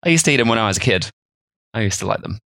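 A man's voice: fairly low pitch, lively intonation, racing, gravelly, fairly bright tone, no echo, clean studio sound. A man, co-hosting a podcast and explaining food history in a rambling, chatty way. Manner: rambling, chatty storytelling with fillers. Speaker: podcast co-host. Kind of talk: casual explanatory chat.

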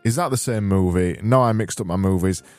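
A man's voice: low-pitched, a little fast, faint music behind. A man hosting a podcast, rambling and interrupting himself through jokey banter and a spoof advert. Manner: rambling, self-interrupting, joking. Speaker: podcast host.

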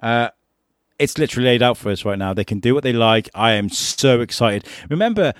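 A man hosting a casual podcast about a TV show, speaking excitedly to his listeners and swearing now and then. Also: medium pitch, a little fast, no echo, studio quality. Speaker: podcast host.

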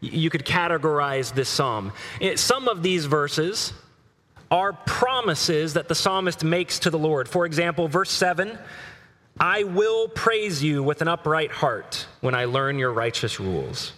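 A man's voice: on the high side, expressive, pushed and bright. Earnest preacher man in a reverberant hall. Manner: earnest, reads scripture aloud with slow emphasis. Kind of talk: sermon.

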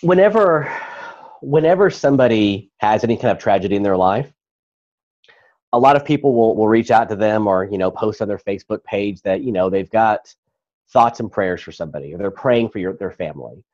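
Male guest, lowish dark voice, heartfelt storyteller, dull lo-fi recording. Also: animated, a little fast. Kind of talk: personal story in conversation.

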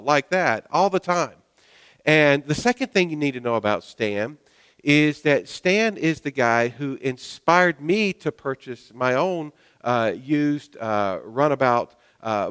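A male pastor spins a folksy, self-deprecating story from the pulpit, pausing often. His voice is smooth and resonant, sitting at an ordinary pitch, and it carries a long hall reverb through the sanctuary. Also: fairly bright tone. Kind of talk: sermon storytelling.

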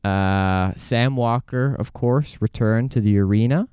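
A man's voice: mid-range voice, measured pace, smooth, no room sound, clean studio sound. A man hosting a podcast, telling a story in loose casual chat and acting out what others said. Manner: storytelling, animated retellings with quoted voices; loose, says "dude" and "like" a lot. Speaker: podcast host.

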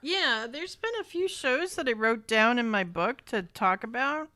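A woman's voice: a little high, animated, a little slow, bright, forceful tone, no echo, studio quality. A woman co-hosting a casual chat, easygoing, reading out a list with hesitant fillers. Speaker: podcast co-host.

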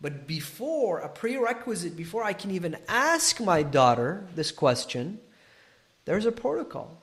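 A man voicing a polite, shrewd older male king who speaks in a courteous, measured way. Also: high-pitched, sing-song, a bit bright, exaggerated voice.

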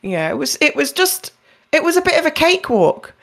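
A woman's voice: sits high, big pitch swings, a little fast, vocal fry. A woman hosting a podcast, chatting loosely and laughing often between questions. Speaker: podcast host. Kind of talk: casual chat.

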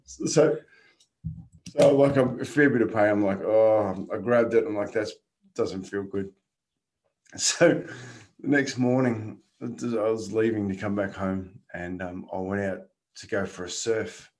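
A man's voice: lowish voice, measured pace. A man, a guest casually telling a story and laughing through it. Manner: animated, laughs through his stories.

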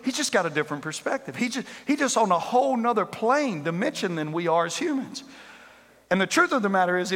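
Animated high-voiced preacher, echoing hall. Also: male voice. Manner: animated, laughing, acts out characters. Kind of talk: sermon.

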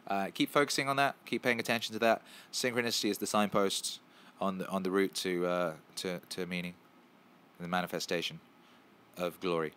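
Man streamer, lowish voice, swears a lot, repeats himself, chat Q&A. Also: moderate pace, a bit bright, clean tone. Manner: emphatic, profane, repetitive. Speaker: streamer answering chat questions. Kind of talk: casual live-stream Q&A.

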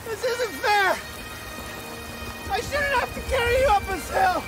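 An actor in a TV comedy playing a grieving grown son who shouts in anguish and bitterness at his dead father. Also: very high voice, measured pace, no room sound, heavily acted, low-quality recording. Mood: anguished shouting. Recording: TV clip under loud music.

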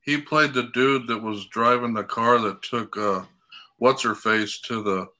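A man's voice: mid-range voice, steady tone, unhurried, bright, forceful tone. A man in a casual movie chat, talking bluntly and pushing back with examples. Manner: blunt, swears, argues points.

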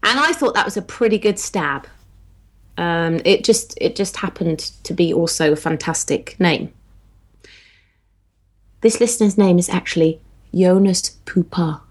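A woman's voice: fairly low pitch, a little slow, long pauses. Chatty English woman co-hosting. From England. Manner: chatty, teasing, many fillers. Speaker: podcast co-host. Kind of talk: casual chat.

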